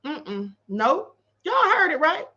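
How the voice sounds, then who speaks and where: A woman hosting a casual commentary livestream, sassy and animated, calling her viewers honey and reading out their comments. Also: sits high, slow pace, highs cut off.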